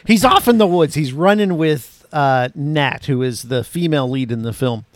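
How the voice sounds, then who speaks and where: A man's voice: on the high side, moderate pace. A man co-hosting a movie podcast, talking in casual review chat with mock-emphatic, sarcastic jokes. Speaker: podcast co-host.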